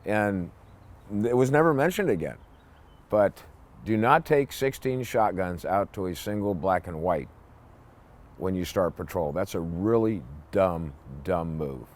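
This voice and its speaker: An older man, a former police officer, telling a casual anecdote in a blunt, salty way and acting out the gruff lines of others. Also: deep voice, lively intonation, measured pace. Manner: blunt, salty storyteller who acts out gruff quoted lines.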